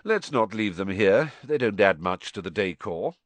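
A man's voice: mid-range voice, sing-song, normal speed, a bit bright, dry recording. A man voicing a cheeky teenage boy prankster with a wry, breezy manner.

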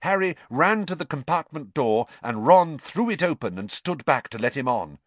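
A man reading an audiobook aloud, narrating in an expressive storytelling manner. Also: on the high side, moderate pace, no room sound.

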